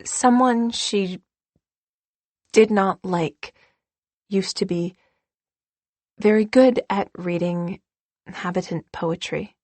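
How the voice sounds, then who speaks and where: A woman plays a gentle young mother in an audiobook. She talks softly and tenderly, slow and a little hushed. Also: mid-range voice, steady tone, breathy edge, no room sound. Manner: soft and tender.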